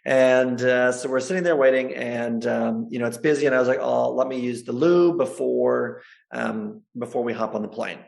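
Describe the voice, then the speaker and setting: A man, a chiropractor, telling stories in a casual interview, animated and laughing often. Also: medium pitch, normal speed, vocal fry. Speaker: guest, chiropractor and social media creator.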